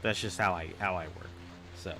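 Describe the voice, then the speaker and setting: A man's voice: sits low, fairly even intonation, moderate pace, background noise. A man streaming a game and chatting casually, rambling and restarting his phrases as he gives advice and reads viewer comments aloud. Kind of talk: casual live-stream chat.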